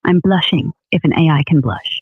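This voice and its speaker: A woman's voice: deep voice, moderate pace, husky, dry recording. Give me a cheerful AI woman with a northern English lilt. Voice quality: breezy, slangy British banter. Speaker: AI co-host. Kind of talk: cheerful synthetic chat sign-off. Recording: tinny phone-like line, dry.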